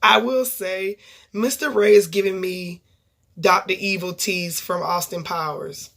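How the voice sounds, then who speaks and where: A woman's voice: medium pitch, fairly even intonation, measured pace, fairly bright tone. A woman casually recapping a reality TV episode in a blunt, profane, gossipy way, telling the story with lots of asides. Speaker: TV show reviewer.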